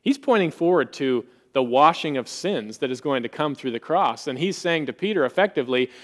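Guy preaching a sermon, kinda high voice, gets animated and acts out the quotes. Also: a little fast. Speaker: pastor.

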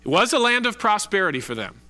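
Very animated, this pastor delivers an earnest church sermon at a deliberate pace, stretching key words with slow, emphatic stress so they stick. His voice is bright, forceful and a little high, and a long reverb follows it as though in a big sanctuary.

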